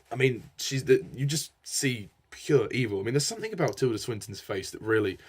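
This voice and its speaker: A man's voice: medium pitch, very animated, moderate pace, slightly rough. A man giving a casual spoken film review. He sounds enthusiastic and hesitant, and rambles.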